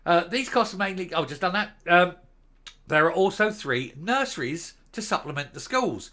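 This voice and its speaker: A man's voice: sits high, animated, moderate pace, pushed and bright. A man hosting an opinion vlog, ranting in a scornful, indignant way and wandering off into tangents before returning to his point. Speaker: commentary vlog host. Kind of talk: opinion rant to camera.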